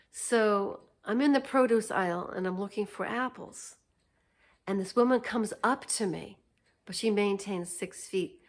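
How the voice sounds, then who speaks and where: Woman vlogger, casual unscripted storytelling, unhurried and chatty, laughs often. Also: medium pitch.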